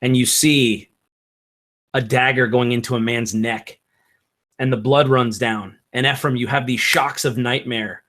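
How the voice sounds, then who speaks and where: Man, game master, slow halting narration, middle pitch. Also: steady tone, fairly bright tone.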